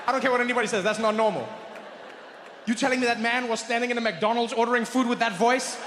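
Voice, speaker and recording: A middle-aged man doing an animated stand-up comedy routine, often slipping into voices and impressions. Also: very high voice, quick pace. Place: large comedy venue. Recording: echoey venue with long reverb and faint noise.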